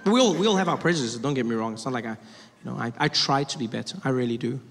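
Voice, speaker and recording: A man's voice: medium pitch, racing, vocal fry, a bit bright. A man performing stand-up comedy on stage, chatty and self-deprecating. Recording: live venue hall with audience noise.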